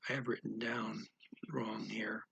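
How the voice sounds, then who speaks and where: A man thinking aloud as he explains a language lesson, halting often with fillers and restarts. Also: on the low side, little pitch movement, creaky, fairly bright tone, breathy edge, highs cut off. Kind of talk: casual spoken language lesson.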